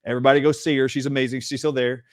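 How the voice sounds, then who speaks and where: Animated middle-aged man telling a story. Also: mid-range voice, very fast, dry recording, studio quality. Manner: animated, emphatic storytelling with quoted dialogue. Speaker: show host. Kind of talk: storytelling in a casual interview.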